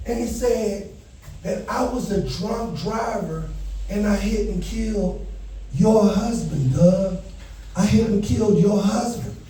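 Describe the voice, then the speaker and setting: A man doing a stand-up comedy set, telling a story with animated delivery and panicked shouted bits. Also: high voice, slow, slight background noise. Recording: echoey venue heard from a distance.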